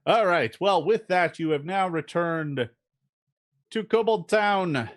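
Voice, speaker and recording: A man's voice: sits high, lively intonation, no echo, studio quality. A man narrating a tabletop game as game master, describing scenes with frequent fillers and restarts. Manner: descriptive, halting with many fillers.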